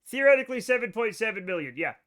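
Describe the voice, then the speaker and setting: A man streaming a space game live, chatting excitedly with his viewers and swearing when things go wrong. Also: high voice, quick pace. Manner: excitable, swears when frustrated, reads chat aloud. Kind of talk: live gaming stream chat.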